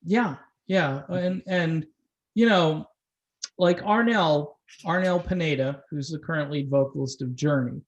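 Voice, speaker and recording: A man's voice: fairly high pitch, a little slow, highs cut off. A man hosting an interview, talking with enthusiasm as a fan. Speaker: interview host. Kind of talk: casual interview conversation.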